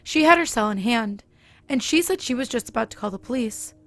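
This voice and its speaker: Gravelly woman reading a horror story. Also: on the high side, expressive, a little fast, a bit bright, faint music behind. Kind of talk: scripted narration.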